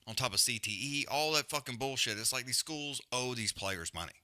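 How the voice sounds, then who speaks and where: A man's voice: mid-range voice, animated, brisk, bright, forceful tone, no echo. Blunt swearing man ranting. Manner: blunt, swearing, loose Southern-US slang; rambling with restarts and trailing mutters. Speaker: live fight-watch stream host. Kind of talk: profane casual rant and fight commentary.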